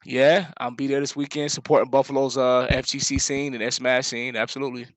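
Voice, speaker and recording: A man co-hosting a gaming talk show, relaxed and drawn-out, tagging "man" onto his sentences. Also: medium pitch, dry recording. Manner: laid-back, drawn-out, says "man" a lot. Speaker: podcast co-host. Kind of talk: casual chat.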